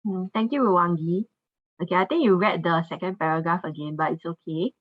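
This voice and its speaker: A woman's voice: fairly low pitch, fairly quick, no room sound. Patient woman teaching an online class. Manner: patient, says "okay" a lot. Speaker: English teacher. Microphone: video call. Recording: dull lo-fi video call audio.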